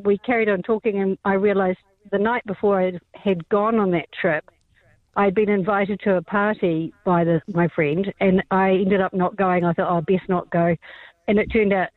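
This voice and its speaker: A woman caller from New Zealand tells an animated story with a New Zealand accent. She comes through a thin, phone-like line. The sound is dry. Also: medium pitch, normal speed, dry recording. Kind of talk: telling a story on air.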